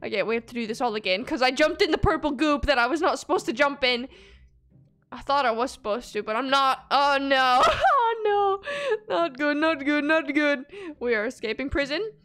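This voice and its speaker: Squealy excitable woman, lively high voice. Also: moderate pace. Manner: excitable, squealing and gasping at each obstacle. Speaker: gaming video creator. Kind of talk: playthrough commentary.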